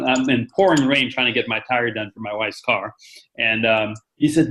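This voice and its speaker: A man hosts a conference call in poor audio, his mid-range voice pushed and bright at a normal speed. His casual talk rambles, full of fillers and restarts.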